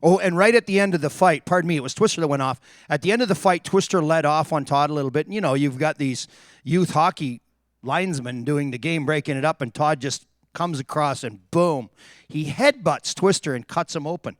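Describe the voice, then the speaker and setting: A man, a former hockey player, telling animated stories on a live stream and acting out the people he quotes. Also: on the high side, a little fast, no room sound, studio quality. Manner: animated anecdotes, acts out quotes.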